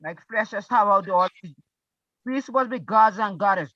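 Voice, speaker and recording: A woman's voice: mid-range voice, moderate pace, a bit bright, dry recording. A woman preaches with emphatic, repetitive force, circling back on her points. Her voice sits in a middling range and comes through dry and close, with no room sound. The online call audio is dull and lo-fi. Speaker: study group speaker. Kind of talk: impassioned religious talk.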